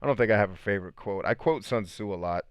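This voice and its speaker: Laid-back man with low voice. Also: fast talker, clean tone, no echo, studio quality. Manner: laid-back, storytelling, reading viewer comments aloud. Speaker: host. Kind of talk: casual live stream chat.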